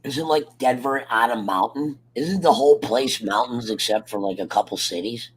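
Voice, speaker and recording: A man hosting a casual chat, loose and profane, quick to get excitable. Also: mid-range voice, slightly rough. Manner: loose, profane and excitable, yells at his dog. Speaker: podcast host.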